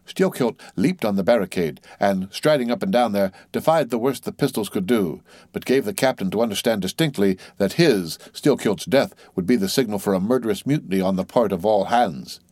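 A man giving steady, measured scripted narration of a classic novel as an audiobook reader. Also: fairly low pitch, dry recording, studio quality.

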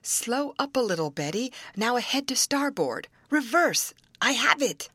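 Spirited storybook teen girl, quick and hopeful, read by a woman, raised pitch. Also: very animated, dry recording, full character voice. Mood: eager.

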